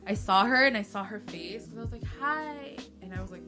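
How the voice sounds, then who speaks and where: A young woman tells stories from her job as a nursing assistant in casual chat, her voice sitting at an ordinary middle pitch. She acts out the people she quotes and swears freely. Music plays clearly behind her. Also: fast talker. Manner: animated storytelling, acting out quoted voices, frequent swearing.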